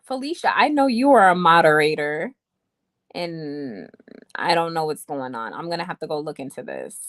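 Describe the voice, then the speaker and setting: Young woman livestream host, casual chatty delivery, lively swinging pitch, low-ish voice, dry close sound. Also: moderate pace, no echo. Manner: chatty, reads viewer comments aloud. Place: home room. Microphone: webcam or phone mic.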